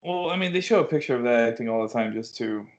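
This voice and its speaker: A man's voice: mid-range voice, expressive, quick pace. A man co-hosting a casual chat show, hesitant and hedging his words. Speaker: podcast co-host. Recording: dull lo-fi audio.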